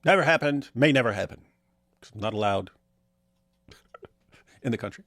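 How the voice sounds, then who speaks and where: An American man hosting a show, giving excitable, joking reaction commentary with emphatic asides. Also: medium pitch, normal speed, no echo, studio quality. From United States. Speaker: show host.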